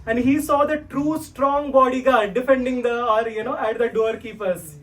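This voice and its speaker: A man's voice: extremely high pitch, normal speed, fairly bright tone, distant mic, low-quality recording. A man giving a devotional storytelling sermon, often asking "right?" of his listeners. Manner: repeats "right?" to the listeners, sings verses for them to repeat. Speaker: religious teacher.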